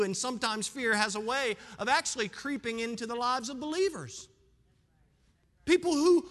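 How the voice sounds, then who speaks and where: A hoarse man preaching a sermon as pastor, with emphatic swings between loud and soft. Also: high voice, long reverb tail.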